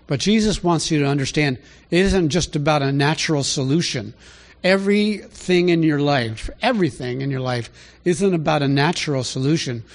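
Man preaching a conversational sermon. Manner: conversational, rhetorical questions, rises in pitch when stressing a point. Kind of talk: sermon teaching.

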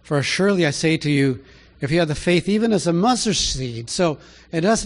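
A man's voice: lively intonation, a little fast. Man preaching a conversational sermon. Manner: conversational, rhetorical questions, rises in pitch when stressing a point. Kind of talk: sermon teaching.

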